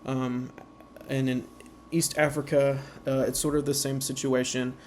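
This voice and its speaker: A man talks through a slideshow in a level, flat voice, stopping often on uh and um. He slows down to spell out the sounds of example words. A faint hiss of background noise sits under the recording. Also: medium pitch. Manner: halting, many uh and um fillers. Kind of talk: informal slideshow presentation.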